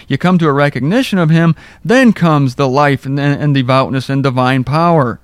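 A man teaching the Bible verse by verse in a conversational, wry way, rereading verses slowly for emphasis. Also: a little high, smooth, no room sound.

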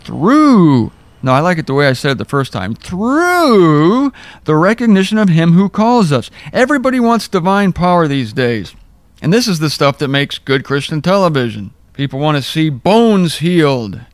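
Male Bible teacher, slightly high voice, dry close mic, wry and conversational. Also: sing-song, dry recording. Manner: conversational, wry, rereads verses slowly for emphasis. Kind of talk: informal verse-by-verse Bible teaching.

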